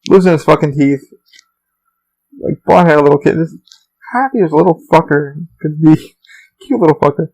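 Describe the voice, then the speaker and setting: A man's voice: fairly high pitch, normal speed, long pauses, darkish tone, rough recording. A man hosting a podcast, telling work stories in a rambling, profane, casual monologue. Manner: profane, storytelling, rambling with restarts. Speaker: podcast host; theme park employee.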